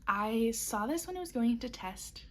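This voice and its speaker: A woman's voice: on the high side, lively intonation, moderate pace, a bit bright, slight background noise. A young woman talking casually to camera as a knitting vlogger, upbeat and chatty with frequent ums and little laughs. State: has the hiccups. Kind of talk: casual chat.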